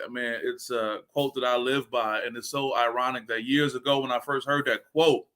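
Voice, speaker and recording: On a livestream, a sports coach in his forties delivers a high-energy, sermon-style pep talk and responds to viewer comments along the way. His mid-range voice moves a little quickly, with few pauses.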